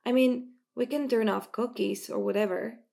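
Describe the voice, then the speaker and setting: A woman's voice: fairly high pitch, steady tone, normal speed, creaky, warm tone. A woman voicing a wry, teasing teen girl. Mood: earnest.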